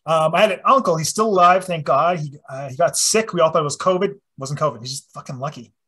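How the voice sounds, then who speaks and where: Brief: husky man with a high voice, swearing as he spins a story. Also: fast. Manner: profane, animated storyteller. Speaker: presenter. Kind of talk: casual storytelling talk.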